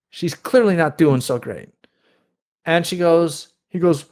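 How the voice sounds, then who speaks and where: A man with a slightly high speaking voice talks through a story on a podcast. He explains at length, restarts phrases often and acts out what others said along the way. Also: brisk. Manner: explanatory, with many restarts and quoted retellings. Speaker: podcast guest. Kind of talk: conversational interview.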